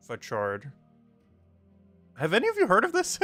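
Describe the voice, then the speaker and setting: A man's voice: on the high side, huge pitch swings, moderate pace, long pauses, fairly bright tone, no echo, faint music behind. A man streaming a game, rambling casually with many fillers and frequent laughter. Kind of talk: casual game livestream commentary.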